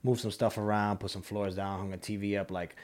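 A man's voice: fairly low pitch, level tone, brisk, darkish tone. A man in casual podcast chat, talking in a laid-back, rambling way with many fillers.

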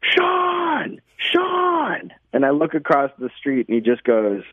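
Telling stories during a casual interview, this podcast guest and show host meanders, scattering "like" and "you know" everywhere. His voice is mid-range and a little fast, and the dry, phone-like audio has no echo.

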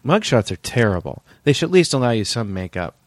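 A man's voice: mid-range voice, big pitch swings, fairly quick, no echo, studio quality. Playful man resetting podcast bits. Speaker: podcast co-host. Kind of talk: improvised comedy chat.

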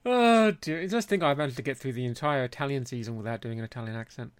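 A man's voice: mid-range voice, fast talker, smooth, no room sound. A man hosting a beer podcast, chatting casually and teasing his co-host with jokes. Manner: jokey, teasing banter. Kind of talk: casual chat.

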